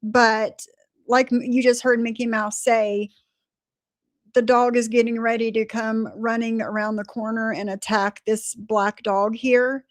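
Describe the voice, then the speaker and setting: A woman commenting on a clip for her live viewers, measured and explanatory. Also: fairly high pitch, level tone, no room sound. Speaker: reaction streamer.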